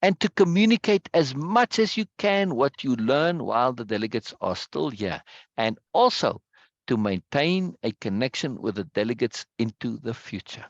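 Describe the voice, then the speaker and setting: A man reading the lines of a deliberate, formal woman leader in a slow, measured way. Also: mid-range voice, expressive, dry recording, dull audio.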